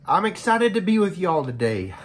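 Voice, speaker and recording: A man preaching to his followers, choked up and halting as he recounts a vision, often restarting his sentences. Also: high voice, sing-song, a little hiss or hum. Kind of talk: emotional spoken testimony.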